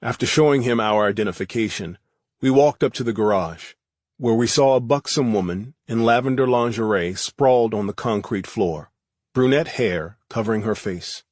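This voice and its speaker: A man reading a first-person thriller audiobook in a steady, matter-of-fact way. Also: lowish voice, normal speed, dry recording, studio quality. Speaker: audiobook narrator.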